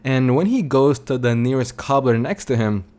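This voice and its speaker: A man's voice: medium pitch, normal speed, darkish tone. A young man hosting a podcast, telling a story casually with lots of fillers and restarts. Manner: rambling, filler-heavy. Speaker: podcast host.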